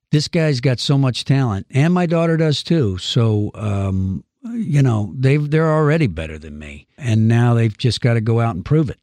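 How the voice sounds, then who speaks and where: A man, an actor guest on a podcast, talking warmly and reflectively about his family. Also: lowish voice, no echo. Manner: warm, affectionate, reflective. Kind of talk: interview answers.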